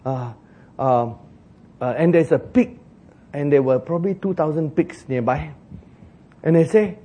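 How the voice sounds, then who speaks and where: A man preaching a sermon, telling a story with jokes, acted shouts and laughter. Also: a little high, measured pace, pauses often, slightly rough.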